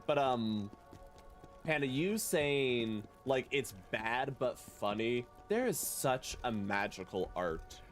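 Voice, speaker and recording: Over soft background music, a man plays a video game on a livestream and banters with his audience in an animated, joking way. He has a mid-range voice and takes things slowly.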